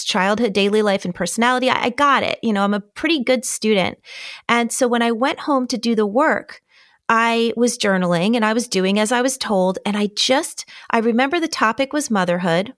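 A woman's voice: a little high, normal speed, a bit bright, dry recording, clean studio sound. A middle-aged woman, a guest in a conversation, telling a personal story in an earnest, candid and emotionally open way. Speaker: podcast guest.

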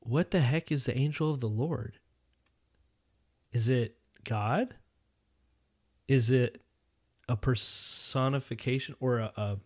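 A man's voice: mid-range voice, no room sound, clean studio sound. A man co-hosting a casual faith discussion podcast, earnest and thinking aloud with frequent restarts and asides. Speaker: podcast co-host.

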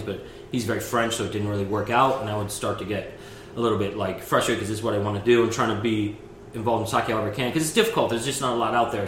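A middle-aged man who runs a sake program and used to be a chef, telling animated stories in a casual interview, laughing often and restarting his sentences. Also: on the low side, slight background noise. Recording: roomy echo with faint ambience.

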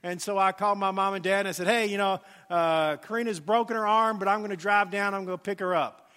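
A middle-aged man with a high, light voice delivers a sermon in a church, telling homey family stories with lots of "uh" and "you know". His voice rings out with a long hall reverb around it. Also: fairly even intonation, quick pace, bright, forceful tone, clean tone. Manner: storytelling with folksy asides and many fillers. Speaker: pastor.

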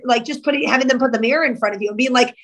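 Upbeat woman podcast host, high voice, says like a lot. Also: very fast, low-quality recording. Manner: upbeat, enthusiastic, says "like" often. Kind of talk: casual podcast interview.

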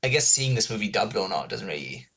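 Animated man in casual chat. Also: lowish voice, fast. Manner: lively, animated storytelling. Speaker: podcast co-host.

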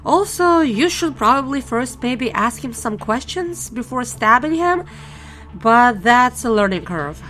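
A woman voicing a calm, patient male agent who speaks gently to the heroine in an audio story. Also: a little high, unhurried, a little hiss or hum, voice pushed up. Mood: gentle.

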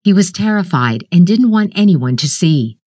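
A woman narrating a literary short story in a measured, even storytelling manner. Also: on the low side, dry recording, studio quality.

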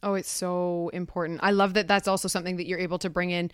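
A woman hosting a podcast interview, affirming her guest with frequent soft murmurs and then asking her next questions. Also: on the low side, flat delivery, fast talker, clean tone, dry recording, studio quality. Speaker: podcast host. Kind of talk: casual interview conversation.

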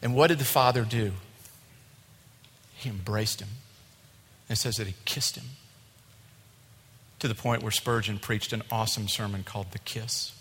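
Middle-aged male pastor, bright forceful sermon voice, big reverberant hall, mic'd for an impassioned sermon. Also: lowish voice, fairly even intonation, normal speed, long pauses, a little hiss or hum. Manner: impassioned, swings from loud to hushed. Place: church. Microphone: wearing a mic. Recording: long reverb of a large hall.

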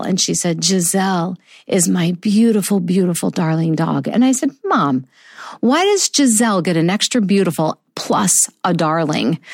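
A middle-aged woman speaking softly and slowly about a personal loss in a heartfelt, reflective monologue. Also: on the low side, no echo, clean studio sound. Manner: soft, slow and heartfelt, with tender pauses. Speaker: vlogger sharing a personal story.

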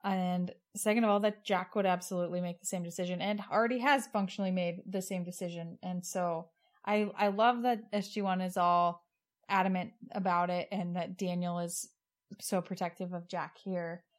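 A woman's voice: fairly low pitch, fairly even intonation, normal speed. Woman on a podcast walking through the plot, earnest and chatty. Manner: earnest, retells the plot in detail. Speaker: podcast co-host. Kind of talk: casual TV episode recap.

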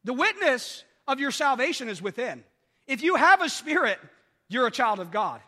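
A man with a very high, bright, forceful voice delivers a sermon in a church. He repeats his key lines and checks in with the congregation as he goes. The sound rings with a long hall reverb. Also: big pitch swings, moderate pace. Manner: repetitive call-and-response preaching, asks "are you with me". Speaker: preacher.

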